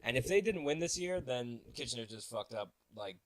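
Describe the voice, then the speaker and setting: A man telling a story casually in a vlog, animated and joking, laughing at his own asides. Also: medium pitch, a little fast. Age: 20s. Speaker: vlogger.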